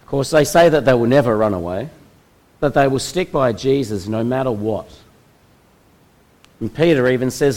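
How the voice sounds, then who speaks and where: A man preaching a sermon, retelling a Bible story in a measured way with slow, dramatic pauses. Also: mid-range voice, a little mellow, rough recording. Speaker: pastor.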